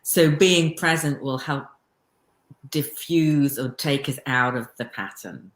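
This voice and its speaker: A woman hosting a conversation podcast, thoughtful and affirming, with gentle laughter. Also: rumbling low, slow pace, reverberant. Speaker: host, Alexander Technique teacher.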